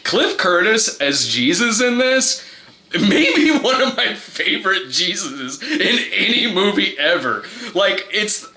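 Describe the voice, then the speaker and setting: A man's voice: high-pitched, big pitch swings, slow pace, sharp tone. A young man hosting a casual film review, rambling and joking with lots of filler words. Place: indoor room.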